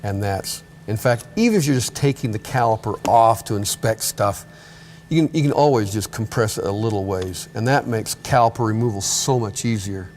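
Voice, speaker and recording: A middle-aged man teaching an automotive class while working on a car in a repair shop, chatty and relaxed, often correcting himself. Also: lowish voice, normal speed, slight background noise. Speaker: automotive instructor. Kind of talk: hands-on workshop demonstration.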